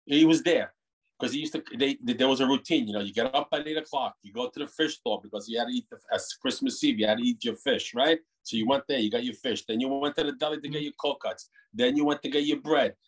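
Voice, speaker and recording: A middle-aged man born in Italy, a bakery owner, talking in an animated, rambling way with many restarts on a video call. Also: mid-range voice, fast talker, slightly rough. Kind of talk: casual interview over a video call.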